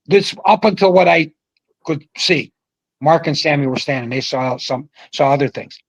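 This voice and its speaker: A man's voice: on the high side, moderate pace, low-quality recording. Older man telling a rowdy story. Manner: animated, profane anecdote-telling. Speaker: guest, former pro bowler. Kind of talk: casual storytelling.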